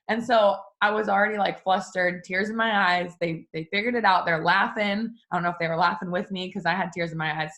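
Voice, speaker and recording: A woman telling a personal story in a casual vlog, chatty and talking straight to her viewers. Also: fairly bright tone. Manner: chatty, addresses viewers directly; acts out quoted exchanges in a higher voice. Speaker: small business owner vlogger.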